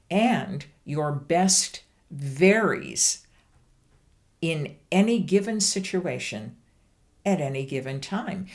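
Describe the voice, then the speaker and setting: Female minister, low-pitched and unhurried, earnest sermon delivery. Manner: slow, deliberate, earnest delivery. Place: church livestream.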